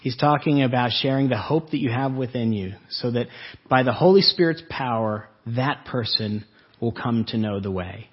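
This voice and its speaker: A man delivers a sermon in a church sanctuary, earnestly putting questions to his listeners. His voice is husky and mid-pitched. The recording is dull and lo-fi. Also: normal speed. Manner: earnest, asks the congregation questions. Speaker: pastor.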